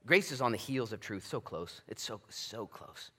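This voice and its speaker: A man preaching a conversational Bible-study sermon as pastor, animated, moving between loud emphasis and quiet asides. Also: lowish voice, moderate pace, husky. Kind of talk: expository sermon. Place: church sanctuary.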